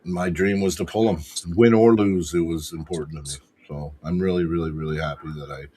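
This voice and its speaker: A man telling a match story as a podcast guest, excitable and swearing constantly. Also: low-pitched, fairly quick, slightly rough. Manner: excitable, profanity-heavy retelling. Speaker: podcast guest, arm wrestler. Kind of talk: casual storytelling chat.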